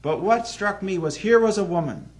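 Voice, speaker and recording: A man preaching an evening sermon, telling a story earnestly, with sudden swings between loud emphasis and hushed drops. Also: sits high, animated, moderate pace.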